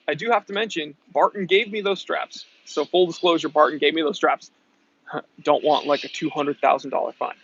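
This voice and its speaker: A man's voice: on the high side, a bit bright. Chatty man hosting a lo-fi live stream. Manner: chatty, emphatic, quick to clarify himself. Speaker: watch channel host reading live chat. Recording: dull lo-fi sound.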